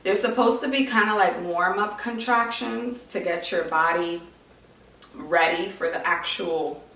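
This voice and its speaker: A woman's voice: fairly low pitch, a little slow, sharp tone. Chatty young woman in an echoey room. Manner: chatty, many "like" and "um" fillers. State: short of breath. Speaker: vlogger. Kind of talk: casual pregnancy update vlog. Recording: echoey room, voice a bit far from mic.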